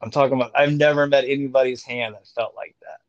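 A man's voice: mid-range voice, quick pace, dry recording. A man casually telling a story, swearing freely and acting out what people said. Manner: profane, animated storyteller acting out quotes. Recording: dull, dry lo-fi sound.

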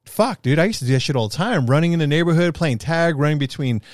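A man in casual chat, telling stories with lots of swearing, animated and often laughing. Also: a little high, quick pace, dry recording. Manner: animated, profane storyteller who gets loud and laughs.

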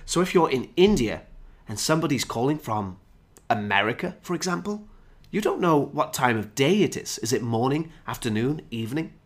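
A man explains everyday phrases like a teacher, his pitch rising and falling in an animated way. He speaks clearly and acts out the example phrases as he goes. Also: moderate pace. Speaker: English teacher. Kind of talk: scripted podcast lesson.

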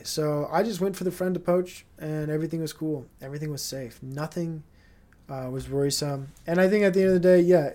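A man's voice: a little high, warm tone. A man in his thirties hosting a solo podcast, talking in a rambling, profane way with lots of fillers and tangents. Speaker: podcast host. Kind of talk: casual solo podcast monologue.

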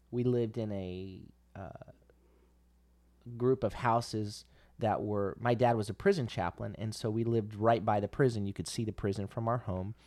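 Low-voiced man telling a story. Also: darkish tone. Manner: rambling, self-correcting, laughs while telling. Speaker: podcast co-host. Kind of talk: casual storytelling chat.

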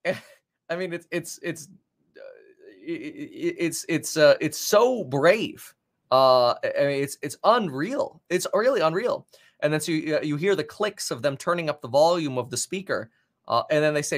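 A man with a fairly high voice talks through the news in a loose, casual commentary. He rambles, stumbling through fillers and restarts as he reacts. The delivery is unscripted and conversational. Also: animated, a little slow. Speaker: finance commentator.

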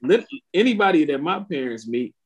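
A man's voice: fairly high pitch, sing-song, brisk, husky. A man co-hosting a casual chat, joking in a wry, mock-formal way. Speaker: podcast co-host.

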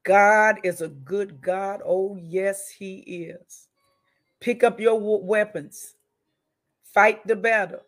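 Lady preacher-host, punchy and repetitive, keeps saying listen to me, medium pitch. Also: steady tone, slow. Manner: emphatic, repetitive, calls out to listeners. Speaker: host and prayer leader. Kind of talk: preaching-style inspirational broadcast talk.

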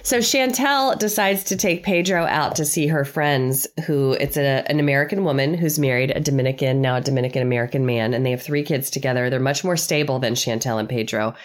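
A woman guest on a podcast, recapping a reality show in casual, animated, sarcastic talk and acting out quotes. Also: extremely low pitch, fairly quick, hardly any pauses.

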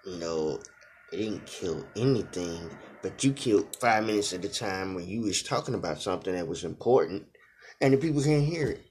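A man, co-hosting a casual chat in a playful, teasing way with big swings in pitch. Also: animated, moderate pace, a little mellow, slightly rough. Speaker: podcast co-host.

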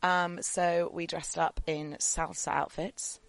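A woman, a podcast guest in casual chat, measured and mildly exasperated. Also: on the low side, level tone, creaky, dry recording.

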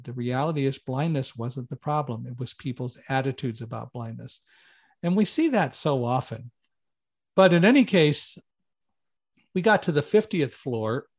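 Man telling a vivid personal story. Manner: animated, raises pitch and volume for quoted lines. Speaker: interview guest telling his story. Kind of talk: conversational storytelling.

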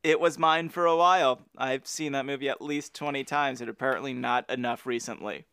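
A man co-hosting a casual podcast, reading a story aloud and bantering with excitable, teasing energy. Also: medium pitch, a little fast, clean tone, dry recording, studio quality. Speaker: podcast co-host.

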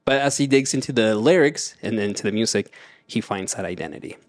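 A man's voice: lowish voice, a little fast, no room sound. A man co-hosting a casual podcast chat, rambling and repeating words as he talks. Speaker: podcast co-host.

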